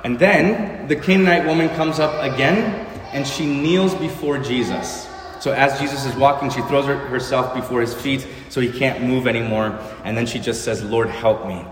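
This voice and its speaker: A man's voice: medium pitch, slight background noise. Man preaching in an echoey church hall. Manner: earnest preaching with rhetorical questions. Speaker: pastor. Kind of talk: sermon.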